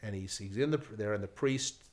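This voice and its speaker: An older man spinning anecdotes in casual conversation. He is animated and often restarts with repeated words as he builds toward a punchline. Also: lowish voice, fairly quick. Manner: animated, repeats words when starting sentences. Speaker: guest storyteller. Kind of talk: casual chat, telling anecdotes.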